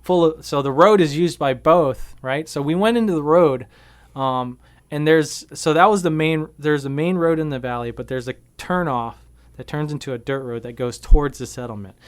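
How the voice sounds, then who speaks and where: A man's smooth, clear voice, recorded dry and close in a radio studio. He tells a story casually, with many fillers and "um"s, and rises in animated bursts at the key moments. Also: a little high, moderate pace, no room sound. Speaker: guest activist, veteran.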